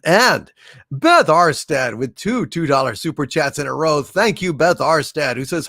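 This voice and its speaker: Reading out viewer messages on his comedy livestream, this man is blunt, rambling and animated, chatting casually and swearing freely. His voice is on the high side and a little slow, captured at studio quality with no echo.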